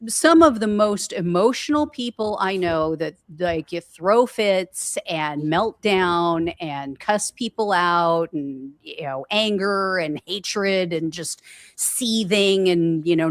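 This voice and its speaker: A woman co-hosting a casual political livestream, blunt and animated, swearing freely and laughing often. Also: lowish voice, takes it slowly, no room sound, studio quality. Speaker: co-host.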